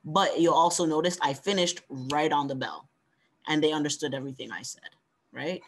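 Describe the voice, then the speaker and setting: A man presenting an online workshop, talking in a relaxed, conversational way and coaching his listeners with encouragement. His voice sits a little higher than most men's. He often checks in with a quick "right?" after a point. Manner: conversational, frequent "right?" tag questions.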